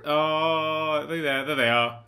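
A man hosting a gaming channel, giving excitable let's-play commentary into a desk mic, laughing and swearing as he plays. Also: on the high side, slow, heavy background noise.

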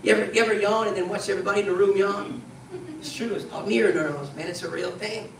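A pastor with a high voice talks fast as he preaches an earnest, conversational sermon, frequently tagging sentences with "man" and restarting phrases. The mic is distant in an echoey room with faint noise.

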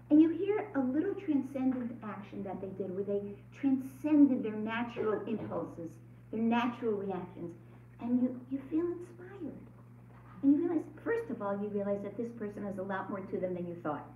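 A woman's voice: a little high, expressive, brisk, a little hiss or hum. Earnest woman teaching a religious class. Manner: earnest, asks the room questions. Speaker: teacher leading a women's study group. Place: room with a group. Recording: echoey lo-fi room recording from far off.

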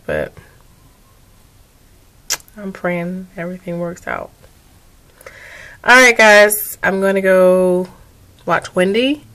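A woman's voice: medium pitch, a bit bright. A young adult woman talking through her video diary, weary and emotional, rambling. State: tired. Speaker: vlogger.

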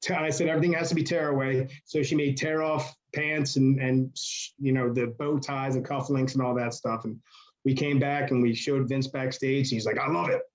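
A man's voice: mid-range voice, level tone, moderate pace, poor audio. A man telling stories as an interview guest in a casual, rambling way, with lots of fillers.

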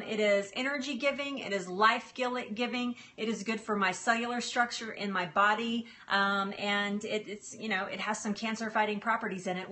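Middle-aged woman, bright tone, laughing cooking host chatting live from her kitchen. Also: mid-range voice. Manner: chatty, laughs often, apologetic, stalls with fillers. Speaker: livestream cooking host and health coach. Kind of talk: casual live-stream chat while cooking. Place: home kitchen.

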